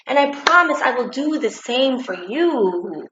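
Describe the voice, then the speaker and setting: A woman giving a preachy, animated opinion monologue for her vlog, in a dull, roomy home recording. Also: high-pitched, a little slow, hardly any pauses, a little hiss or hum. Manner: preachy, animated, acts out quotes. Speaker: commentary vlogger.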